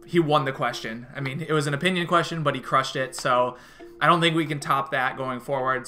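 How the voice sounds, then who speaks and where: A man's voice: medium pitch, pushed and bright. A man with a Chicago accent hosting a casual podcast, talking loosely and upbeat with plenty of fillers. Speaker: podcast host.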